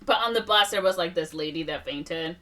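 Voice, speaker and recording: A woman's voice: lowish voice, brisk, far from the mic. Chatty young woman retelling a film. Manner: animated retelling, acting out characters' lines with laughs and fillers. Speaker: podcast co-host. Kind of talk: casual movie recap chat.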